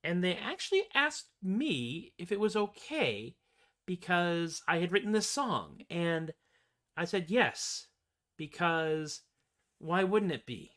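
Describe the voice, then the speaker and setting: A man's voice: high voice, big pitch swings, slow, a bit bright. A man hosting a casual music livestream, chatting between songs in a rambling, self-mocking way. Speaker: singer-songwriter host. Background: acoustic guitar.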